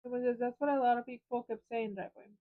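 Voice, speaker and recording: A woman's voice: on the high side, fairly even intonation, fast. A woman co-hosting a casual live stream, chatty as she reads out viewer comments. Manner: chatty, reads out chat comments with light laughter. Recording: dull lo-fi stream audio.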